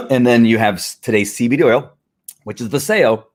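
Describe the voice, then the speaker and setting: A man's voice: mid-range voice, expressive, normal speed. A man chatting casually on a live stream, rambling through a product review with restarts and chuckles.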